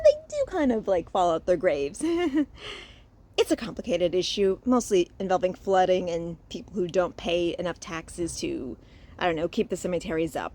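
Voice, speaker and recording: A woman from Louisiana giving a casual spoken review, chatty and expressive, recorded outdoors. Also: mid-range voice. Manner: chatty and expressive, with frequent laughs and sighs. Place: outdoors in a cemetery.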